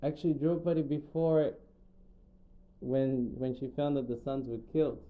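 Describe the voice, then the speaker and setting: A man giving a scripture class, retelling the story in an animated, casual way and acting out the characters. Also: mid-range voice, moderate pace. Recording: tinny phone-like sound.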